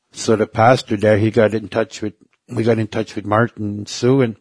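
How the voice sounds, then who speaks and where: A middle-aged man telling his personal faith testimony in a halting way, repeating words and letting phrases trail off. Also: lowish voice, husky, no room sound. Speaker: testimony speaker. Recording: soft guitar music behind.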